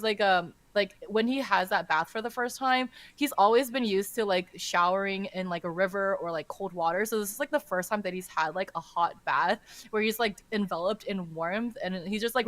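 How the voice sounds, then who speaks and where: A young adult woman co-hosting a podcast, retelling a story in casual chat that is animated and full of "like" and swearing. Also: medium pitch, no echo. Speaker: podcast co-host.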